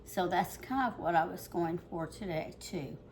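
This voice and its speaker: A woman's voice: on the low side, normal speed, a little mellow, a little hiss or hum. An older woman from the Ozarks, rambling through a casual cooking demonstration in her home kitchen while out of breath. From Ozarks, Missouri. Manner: rambling, chatty, many fillers.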